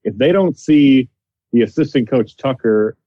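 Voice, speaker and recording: A man co-hosting a podcast, giving measured analysis of a basketball game over a phone connection. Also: mid-range voice, animated, dry recording. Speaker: podcast co-host. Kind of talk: casual commentary over a phone line. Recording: tinny phone line.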